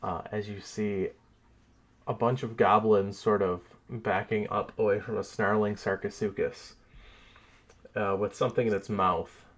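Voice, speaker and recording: A man narrating as game master of a tabletop game, relaxed, with fillers. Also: fairly low pitch, unhurried.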